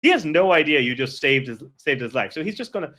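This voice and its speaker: A man's voice: a little high, sing-song, fast, a bit bright. A man narrating a tabletop game as game master, rambling with many fillers and restarts.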